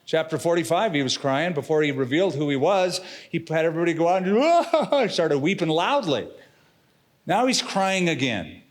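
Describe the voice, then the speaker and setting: Man, pastor, sermon, expressive, dramatic, casual slang, somewhat high voice. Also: brisk.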